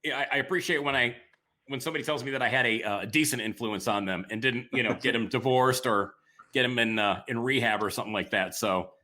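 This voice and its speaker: A man hosting a casual interview over drinks, firing off dry jokes and quick quips. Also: mid-range voice, bright, forceful tone. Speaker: host.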